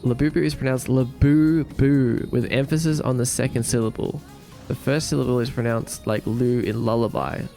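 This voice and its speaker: A man with a gravelly voice chats casually with his live-stream audience, reading their messages aloud and joking back at them. His voice sits at a middle pitch, and faint music plays in the background. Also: fairly even intonation, moderate pace, warm tone. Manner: joking, reads and answers chat.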